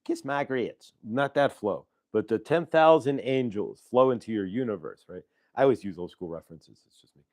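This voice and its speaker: A man's voice: on the low side, animated, brisk, darkish tone, no echo, studio quality. A man hosting a spiritual livestream, chatting casually with viewers and reading oracle cards, rambling with lots of fillers and friendly asides. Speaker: host of a channeling and card-reading livestream.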